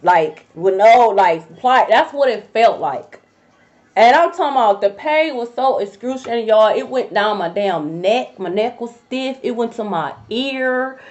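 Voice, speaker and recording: A woman who reads tarot, telling a story to her viewers in a blunt, profane, animated way, addressing them as y'all. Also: fairly high pitch, unhurried. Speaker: tarot reader. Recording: dull lo-fi recording.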